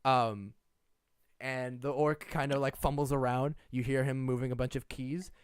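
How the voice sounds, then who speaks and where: A man's voice: mid-range voice, steady tone, moderate pace, clear, resonant tone. A man narrating as game master, stumbling and restarting as he describes the scene.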